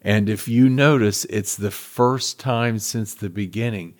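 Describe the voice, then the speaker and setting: A man with a fairly low voice joins a casual film chat. He speaks in a precise, measured way and brings up small details the others missed. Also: fairly even intonation.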